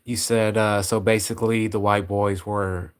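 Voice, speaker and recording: A man's voice: on the low side, level tone, moderate pace, clean tone. A man co-hosting a livestream, talking casually and hesitantly as he thinks aloud. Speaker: livestream co-host.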